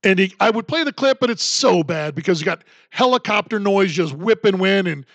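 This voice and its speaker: A man's voice: high-pitched, expressive, brisk, a bit bright, dry recording, muffled recording. A man hosting a solo commentary podcast, talking in a sarcastic, ranting way. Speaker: podcast host.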